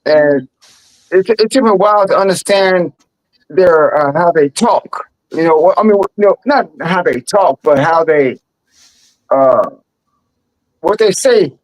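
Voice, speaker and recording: High-voiced guy, halting, repeats himself a lot, pitch all over. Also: lively intonation, rough recording. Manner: halting, repeats words, easygoing. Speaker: panel participant. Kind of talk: casual chat.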